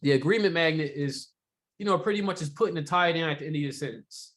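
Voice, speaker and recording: A man with a somewhat high voice leads a sales training session. His delivery is loose and chatty, full of "you know" and quick rhetorical check-ins with the group. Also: fairly bright tone. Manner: conversational, rhetorical questions, many "you know" fillers. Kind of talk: casual sales training talk.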